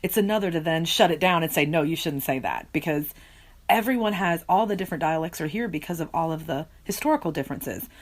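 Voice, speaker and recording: A woman linguistics professor and podcast guest, telling animated stories and laughing easily. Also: fairly low pitch, fast talker. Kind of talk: podcast conversation.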